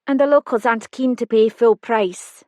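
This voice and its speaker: A woman voicing a brisk, polite young female hotel receptionist with a Scottish accent touched with Irish, in an audiobook. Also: fairly high pitch, a little mellow, no echo, studio quality, pitched above the performer's own voice, natural voice. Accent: Scottish with a trace of Irish.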